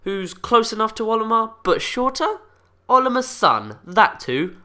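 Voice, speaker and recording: A man hosting a casual video, talking through fan theories with jokey asides that drop into low mumbles. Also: very animated, unhurried, bright, forceful tone. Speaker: video host.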